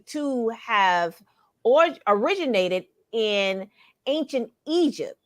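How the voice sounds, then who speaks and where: A woman with a Southern US accent explaining a topic in a halting way, with many fillers and restarts. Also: fairly high pitch, animated. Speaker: guest presenter. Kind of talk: casual explanatory talk.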